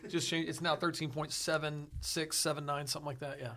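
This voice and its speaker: A man talking as a guest in a casual studio chat, animated and emphatic, often laughing. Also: a little high, a little fast.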